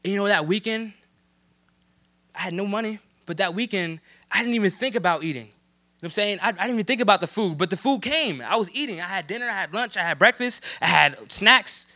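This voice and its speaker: A man's voice: high-pitched, expressive, fast, bright, forceful tone. Young man from New Jersey giving testimony. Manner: casual street slang, many fillers like "you know what I'm saying". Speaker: church youth member giving testimony. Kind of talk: personal testimony.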